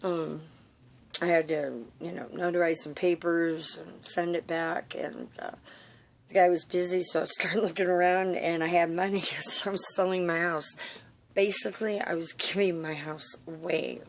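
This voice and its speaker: Weary, halting woman vlogging at home. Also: lowish voice, steady tone, creaky, a little hiss or hum. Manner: halting, full of fillers and restarts; weary, confiding. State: tired. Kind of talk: rambling personal vlog. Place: room at home.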